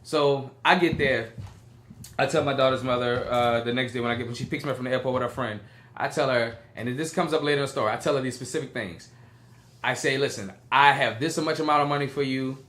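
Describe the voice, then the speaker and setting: Man on a podcast, talks real fast, bright sharp voice, animated storyteller. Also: medium pitch. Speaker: podcast co-host. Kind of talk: casual storytelling chat.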